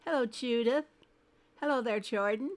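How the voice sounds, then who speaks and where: Speaking at a moderate pace in a fairly high voice, a woman hosts a relaxed gaming livestream. She says hi to each viewer by name and thinks aloud while adjusting her screen settings.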